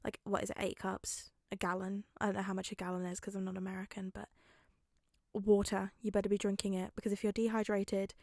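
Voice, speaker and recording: A woman's voice: mid-range voice, completely flat delivery, fairly quick, vocal fry, a little mellow, no echo, studio quality. A chatty young woman rambling casually as the host of a fanfic reading, self-mocking and sometimes dropping to a whisper. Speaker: podfic reader.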